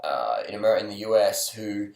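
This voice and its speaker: A man's voice: fairly low pitch, expressive, moderate pace, gravelly, darkish tone. A man talking in a mocking, ironic way in casual chat. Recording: echoey room.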